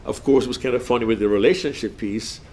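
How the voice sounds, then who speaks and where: A man's voice: mid-range voice, fast, darkish tone. A man, a public speaking coach, critiquing a speech in a casual panel talk, emphatic and repeating key phrases.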